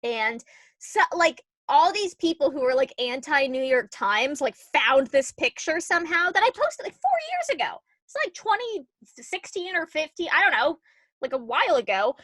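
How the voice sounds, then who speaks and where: A young woman co-hosting a podcast, chatting casually with lots of "like" and animated retellings. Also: sits high, normal speed, no echo. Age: young adult. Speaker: podcast co-host. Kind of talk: casual chat.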